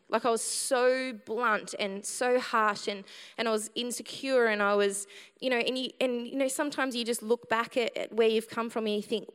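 A woman's voice: a little high, steady tone, moderate pace, fairly bright tone, clear, resonant tone. A woman preaching a sermon in a chatty, humorous way, with sudden passionate outbursts. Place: church hall. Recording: reverberant church hall.

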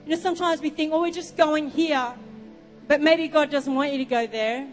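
High-voiced Australian woman preaching. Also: moderate pace. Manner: storytelling, rambling asides. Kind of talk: sermon. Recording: long reverb with music behind.

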